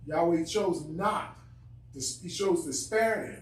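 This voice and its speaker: In a Bible study class discussion, a male class member speaks earnestly and emphatically in a slightly high voice at a slow pace. The recording is echoey and distant from the mic, with faint noise.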